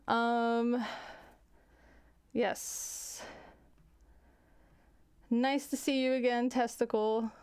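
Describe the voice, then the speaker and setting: Gravelly-voiced woman chatting frankly. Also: on the high side, darkish tone. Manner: chatty, frank, many restarts. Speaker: livestream host. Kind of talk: casual chat with viewers.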